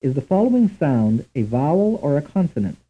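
A man reading a scripted language lesson in a slow, measured, deliberate way, on a tinny old tape recording. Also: fairly high pitch, very animated, husky. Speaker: language instructor. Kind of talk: scripted programmed-lesson narration.

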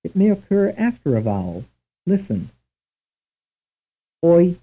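A man reading a scripted language lesson in a slow, measured, deliberate way, on a tinny old tape recording. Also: mid-range voice, big pitch swings, breathy edge. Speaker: language instructor. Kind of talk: scripted programmed-lesson narration.

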